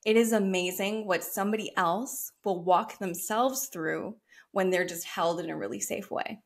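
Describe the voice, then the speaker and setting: A woman speaks as a guest on a podcast, in the thoughtful way a coach talks. Her voice has a middle pitch. She sounds encouraging and reflective, and she laughs easily as the chat goes on. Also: moderate pace, gravelly. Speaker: guest, brand strategist and coach. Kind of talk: casual interview chat.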